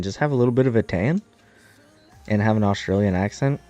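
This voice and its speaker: A young American man streaming, chatting casually in a profane, rambling, animated way. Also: fairly low pitch, a little fast, no room sound, lo-fi sound, soft background music. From United States. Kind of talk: casual chat while gaming.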